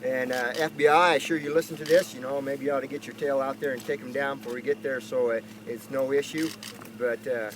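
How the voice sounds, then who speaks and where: A man's voice: mid-range voice, steady tone, fast talker, a little hiss or hum, rough recording. A man with a drawl, a rancher answering reporters at an outdoor press conference, talking in a folksy, earnest way that turns emphatic.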